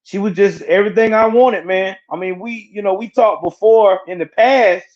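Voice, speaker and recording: A man with a slightly high voice tells a painful personal story in a relaxed, halting way, repeating and restarting his words. The audio is muffled and lo-fi, like a home recording. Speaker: interview guest. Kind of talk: personal storytelling in casual chat.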